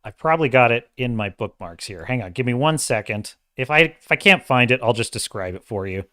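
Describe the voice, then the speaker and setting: A man's voice: mid-range voice, a little fast, hardly any pauses, no room sound, studio quality. A man hosting a live-stream show, giving a rambling, opinionated movie review and often correcting himself mid-thought. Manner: opinionated and animated. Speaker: podcast host.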